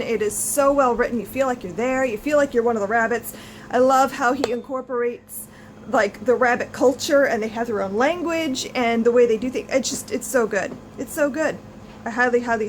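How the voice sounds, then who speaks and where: A woman book vlogger in her thirties talks casually to camera, effusive and full of restarts. Her voice sits a little high, and a faint hiss runs under the home recording. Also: poor audio. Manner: gushing, effusive, lots of restarts.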